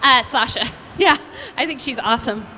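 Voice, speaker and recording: A woman's voice: high voice, moderate pace, sharp tone, big-room sound, slight background noise. A young woman, a voice actress, telling bubbly, self-mocking stories at a convention fan Q&A. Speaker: voice actress panel guest. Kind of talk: animated storytelling at a fan Q&A. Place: convention panel room.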